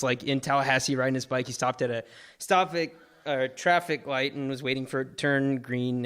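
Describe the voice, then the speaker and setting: A man's voice: mid-range voice, clear, resonant tone. Emotional young man telling a story. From Florida. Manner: emotional, animated, filler-heavy with many likes. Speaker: storyteller on stage. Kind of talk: live personal storytelling talk.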